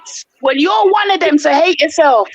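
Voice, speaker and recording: A woman's voice: sits high, normal speed, no echo. A woman from England arguing and mocking a man in a heated panel debate. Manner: taunting, mocking. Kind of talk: heated argument.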